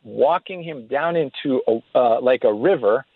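A man's voice: mid-range voice, moderate pace, no echo. Earnest man over a tinny phone line. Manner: earnest, with frequent restarts. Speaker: guest author. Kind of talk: radio interview storytelling.

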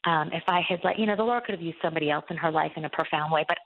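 A woman author talking as a guest on a Christian radio interview, telling a faith story in an earnest, halting way with many restarts. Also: deep voice, a little hiss or hum. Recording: tinny phone line.

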